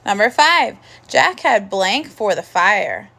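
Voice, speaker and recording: A woman teaching a first grade phonics lesson, slowly sounding out words and praising the children. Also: medium pitch, big pitch swings, sharp tone. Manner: slow, clear, encouraging teacher talk with drawn-out sounds.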